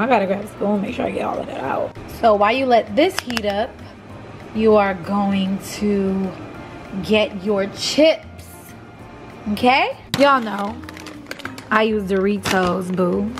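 A woman hosting a casual cooking vlog in her home kitchen, chatting straight to viewers as y'all. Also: a little high. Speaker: vlogger host.

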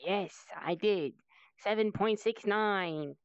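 A woman chatting casually while gaming, muttering low-key comments on her attempts. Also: slow, clean tone, no room sound. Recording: dull lo-fi audio.

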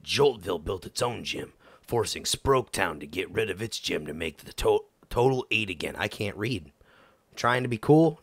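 Man, slightly low voice, casual gameplay commentary, goofy, chatty. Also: fairly bright tone, no echo. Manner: goofy, chats to game characters. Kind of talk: casual let's-play commentary.

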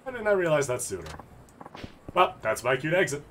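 A man's voice: fairly high pitch, big pitch swings, fairly quick, fairly bright tone, a little hiss or hum, voice pushed up. Man reading as a sarcastic, exasperated tough guy. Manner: sarcastic, mocking.

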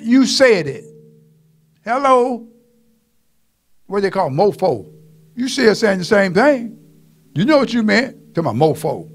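Middle-aged male pastor, high and gravelly; folksy, playful preacher who drops to asides, then shouts. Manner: preaching with call-and-response, swinging from low asides to shouts; folksy, joking, drawls asides to the walls. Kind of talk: sermon.

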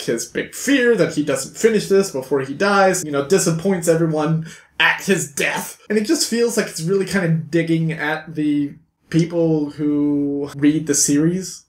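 Exasperated man ranting in an echoey room. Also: on the high side. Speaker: book reviewer. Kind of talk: casual book review vlog.

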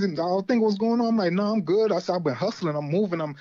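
Laid-back guy guest on a chat show, kinda high voice, laughs a lot, dull muffled audio. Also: quick pace, dark tone. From Haitian community. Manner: laid-back, laughs often, retells talks in others' voices. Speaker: guest artist. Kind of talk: casual interview chat.

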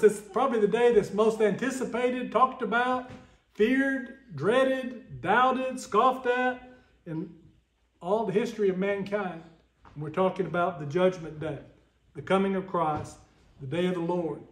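A Southern American man preaching a Sunday sermon in a high, light voice. He talks in an earnest, folksy way and reads scripture aloud. His voice rings around a reverberant church room. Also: unhurried.

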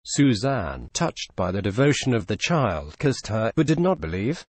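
A man narrating a classic story in a measured, expressive storytelling manner. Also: on the low side, slightly rough, dry recording. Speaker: audiobook narrator. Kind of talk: scripted narration.

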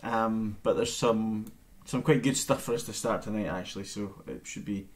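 A man's voice: lowish voice, normal speed. Chatty man teaching a live lesson. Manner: relaxed, chatty, counting in. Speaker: bagpipe teacher. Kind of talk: live-streamed online music lesson. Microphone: camera mic.

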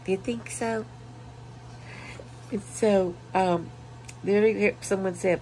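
A woman vlogger casually reading viewer comments aloud, laughing and mocking, punching the quoted lines loudly. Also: mid-range voice, fairly even intonation, slow, slight background noise. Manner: laughing, mocking, reads comments with loud emphasis.

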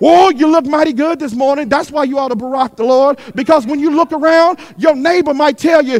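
A middle-aged man preaching a sermon. He repeats his lines in a call-and-response rhythm and swings between shouted peaks and quick, hushed asides. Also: very high voice. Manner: repetitive call-and-response cadence. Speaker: guest preacher.

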